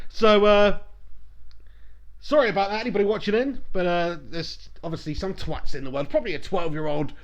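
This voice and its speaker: Male fan streamer, high-pitched, casual live match commentary, excitable. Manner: chatty, excitable, swears at big chances.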